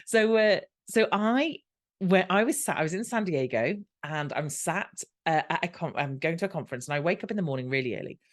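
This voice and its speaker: A British woman appears as a podcast guest, telling a story in casual conversation at a fairly quick pace. Her voice is on the low side, and she's animated, acting out the quoted dialogue as she goes.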